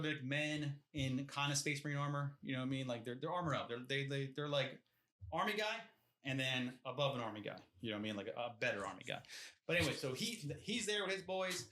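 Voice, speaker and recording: Bright-voiced rambling podcast man. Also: on the high side. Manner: rambling, filler-heavy, often asks "you know what I mean?". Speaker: podcast co-host. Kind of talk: casual book discussion chat.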